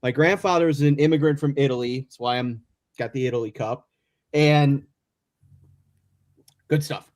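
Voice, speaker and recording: A man's voice: mid-range voice, moderate pace, long pauses, a little mellow. A man from the Chicago area, a guest on a remote call, telling rambling stories full of tangents and apologies. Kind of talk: casual chat. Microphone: remote call mic.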